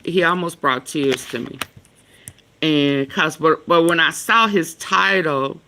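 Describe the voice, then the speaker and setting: A woman vlogger reacting to clips in slow, earnest, rambling casual commentary. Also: deep voice, bright, forceful tone, a little hiss or hum.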